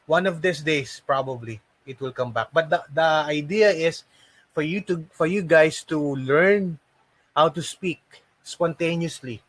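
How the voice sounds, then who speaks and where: A man in his forties talks through a casual training lesson for call center hopefuls. His voice sits slightly high for a man, and he keeps pausing to ask "okay?" between restarts and fillers. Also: a bit bright, dry recording, low-quality recording.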